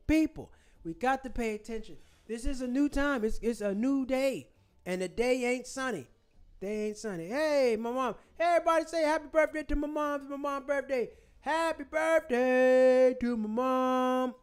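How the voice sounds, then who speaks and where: High-voiced guy ranting on his vlog, fired up, says everything twice. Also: smooth. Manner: fired-up, preachy, repeats phrases for emphasis. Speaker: channel host.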